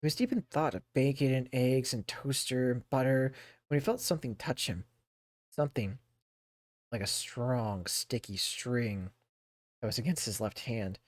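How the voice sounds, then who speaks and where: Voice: medium pitch, darkish tone, dry recording. Streamer reading a story aloud, dry close sound. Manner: reads steadily, stumbles over words and breaks off for playful asides. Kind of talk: casual read-aloud storytelling with chatty asides. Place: home streaming setup.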